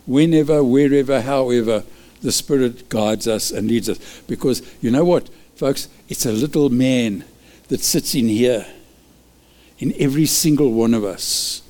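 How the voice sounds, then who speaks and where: Mellow-voiced man preaching. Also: medium pitch, unhurried. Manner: lively, repeats short exhortations, chuckles often. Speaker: pastor. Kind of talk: sermon.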